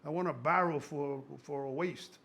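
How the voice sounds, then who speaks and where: Gravelly, excitable man in his sixties. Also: on the high side, normal speed. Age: 60s. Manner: excitable, profane, rambling storyteller. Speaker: strength coach. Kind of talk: casual conversation.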